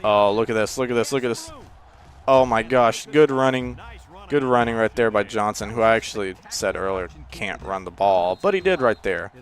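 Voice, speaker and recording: Excitable man rambling over gameplay. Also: on the low side, normal speed. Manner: rambling, exclaims loudly at plays. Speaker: gaming channel host. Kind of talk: casual gameplay commentary.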